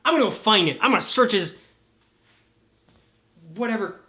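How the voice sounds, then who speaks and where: A woman's voice: medium pitch, lively intonation, normal speed, sharp tone. A woman voicing a gleeful, scheming male robot overlord villain in a smug, lazy drawl, recorded in an echoey room. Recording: roomy echo.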